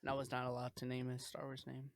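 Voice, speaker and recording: Gravelly-voiced man, casual podcast host. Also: medium pitch, completely flat delivery, fast, crowd noise. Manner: playful, laughs often. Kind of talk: casual chat.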